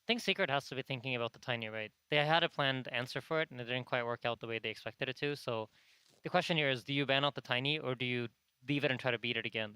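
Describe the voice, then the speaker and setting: Fast, crisp-voiced male analyst. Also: medium pitch, bright, forceful tone, no echo, rough recording. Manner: confident, rapid analysis. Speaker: esports analyst. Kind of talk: analytical panel talk.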